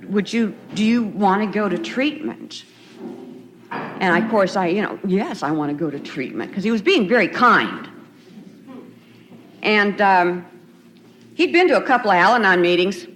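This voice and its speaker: A woman's voice: mid-range voice, measured pace, a bit bright. Woman telling her recovery story. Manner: conversational storytelling with frequent laughs and "you see". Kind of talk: recovery talk at a retreat. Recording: faint noisy 1990s tape recording.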